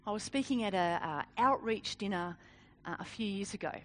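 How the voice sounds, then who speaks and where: A woman giving a sermon, telling a personal story in an animated, self-deprecating way with frequent laughs. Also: mid-range voice, a little fast. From Australia. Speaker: speaker.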